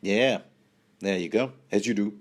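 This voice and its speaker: A man's voice: lowish voice, a little slow. A man hosting a rambling, jokey book commentary, often stumbling and restarting mid-sentence.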